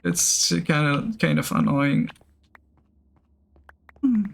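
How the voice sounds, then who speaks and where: A man's voice: on the high side, extremely slow, vocal fry. A man from Switzerland with a Swiss French accent, chatting casually on a live gaming stream, rambling with many fillers and restarts as he answers chat.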